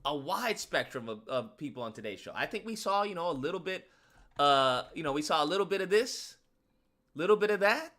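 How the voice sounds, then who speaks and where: Brief: animated male commentator, bright-toned, joking and slangy. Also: on the high side, fairly quick. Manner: slangy, laughing, rhetorical questions. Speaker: YouTube commentator. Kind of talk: casual comedic commentary.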